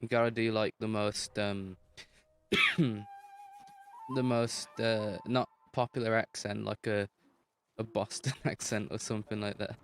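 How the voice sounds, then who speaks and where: A man's voice: lowish voice, fairly even intonation, unhurried, pauses often, fairly bright tone, faint music behind. A man hangs out with a friend who is streaming a game. He trades crude jokes in casual chat and laughs often at their banter.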